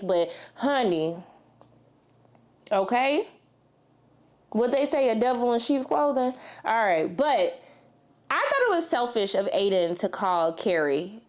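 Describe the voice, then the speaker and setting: A woman's voice: medium pitch, darkish tone. A woman chatting animatedly as a TV reviewer, slangy and talking straight to her viewers. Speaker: TV show reviewer. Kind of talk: casual review chat with personal story.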